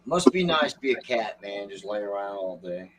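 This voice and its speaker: A man's voice: lowish voice, animated, moderate pace, a little hiss or hum, low-quality recording. A laid-back man hosting a casual chat.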